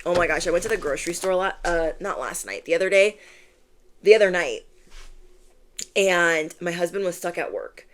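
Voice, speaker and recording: A woman's voice: fairly low pitch, normal speed, long pauses. A young adult woman, a tarot reader, chatting casually to camera, playful and acting out the people in her stories. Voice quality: animated, playful, acts out voices.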